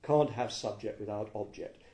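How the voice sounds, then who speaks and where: A man giving a reflective dharma talk as a Buddhist teacher, halting and searching for words, often correcting himself. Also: lowish voice, mellow.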